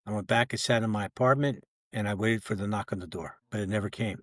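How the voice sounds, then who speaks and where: A man's voice: lowish voice, fairly even intonation, quick pace, no echo, studio quality. An older man, a retired federal agent, telling a long story in casual podcast talk and acting out both sides of old conversations. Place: podcast recording setup.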